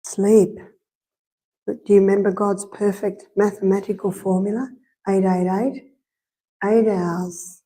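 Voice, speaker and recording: A woman's voice: mid-range voice, flat delivery, unhurried, dark tone. A middle-aged woman with an Australian accent giving a live health lecture in a church hall, chatty, repeating key points and telling anecdotes. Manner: conversational, repeats points for emphasis, tells anecdotes.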